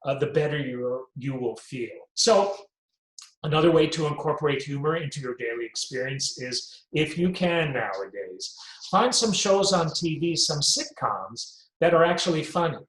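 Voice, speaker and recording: Man, wellness show host, lively rising and falling pitch, echoey room. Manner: animated, emphatic, slow deliberate delivery. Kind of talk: health and wellness talk to camera.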